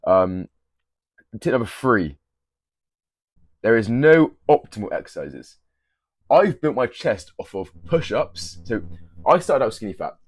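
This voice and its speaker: A man's voice: fairly low pitch, no room sound. Blunt, swearing young man. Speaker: fitness creator. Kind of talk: casual gym tips to camera.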